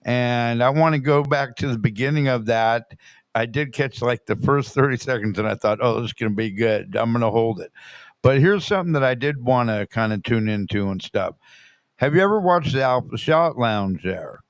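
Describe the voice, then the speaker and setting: A man hosts a casual commentary show, moving the talk along and dropping quick agreeing replies. His voice sounds dry and close, with no room around it. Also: medium pitch, no echo. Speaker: host.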